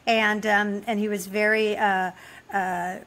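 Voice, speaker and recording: A woman's voice: medium pitch, little pitch movement, takes it slowly, fairly bright tone. A woman co-hosting a podcast, telling a story in a rambling, conversational way, full of restarts and "you know.". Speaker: podcast co-host. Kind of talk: casual conversational interview.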